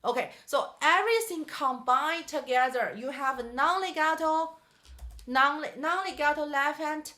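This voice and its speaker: Slow, bright-voiced woman teaching piano. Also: high voice. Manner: explains in short phrases and sings rhythm syllables. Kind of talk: jazz piano lesson. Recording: piano playing behind.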